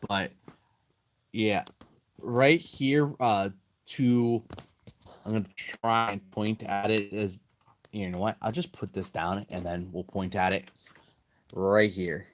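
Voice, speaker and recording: A man hosting a hobby show, chatting casually with his viewers from his home workshop and getting excited as he answers them. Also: on the low side, slow pace, long pauses, slight background noise, rough recording. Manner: folksy and excitable, calls viewers brother. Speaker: host of a scale RC hobby show. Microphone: phone camera.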